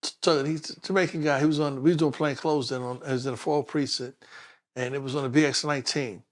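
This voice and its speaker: Animated New detective telling stories. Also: male voice, on the high side, fast talker. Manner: animated storyteller, acts out other people's voices. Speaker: retired police detective, guest. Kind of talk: casual storytelling interview.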